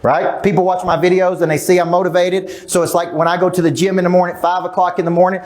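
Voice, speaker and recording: Middle-aged man seminar speaker, fairly high voice, emphatic coach who works the crowd with questions. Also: little pitch movement, quick pace, hardly any pauses, darkish tone. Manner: emphatic, asks the crowd questions, acts out quotes. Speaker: sales coach. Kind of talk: live seminar talk to an audience. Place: large event room.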